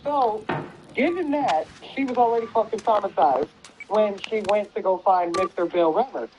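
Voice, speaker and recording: A woman streamer casually recounts a story while she plays, swearing freely and acting out the lines of each character. Her voice sits in a middle pitch. A faint hiss of noise runs underneath. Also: moderate pace, low-quality recording. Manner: animated retelling with lots of swearing and acted quotes. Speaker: gaming streamer.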